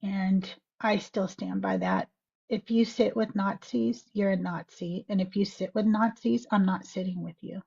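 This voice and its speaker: A woman's voice: mid-range voice, expressive, measured pace, gravelly, dark tone, slightly rough, dull audio. A woman on a podcast reciting spoken-word poetry and then talking candidly, emotional and close to tears, swearing freely. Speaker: podcast guest.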